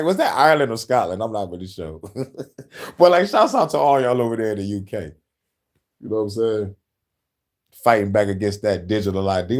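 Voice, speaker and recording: A man in his thirties hosting a casual podcast, talking politics and movies with profanity, laughing often and breaking into loud shouted impressions. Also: fairly low pitch. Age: 30s. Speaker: podcast host.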